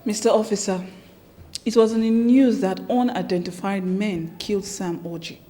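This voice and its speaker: An actress playing a defensive Nigerian bank manager. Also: female voice, medium pitch, steady tone, moderate pace, warm tone, natural voice. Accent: Nigerian English. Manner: defensive, then pleading. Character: defensive female bank manager under pressure.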